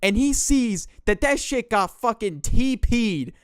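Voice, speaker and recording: A young man telling a story in casual, slangy narration, acting out the people in it with quick voice changes. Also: very high-pitched, smooth, dry recording, studio quality. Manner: animated, slangy, acts out quotes in shifting voices.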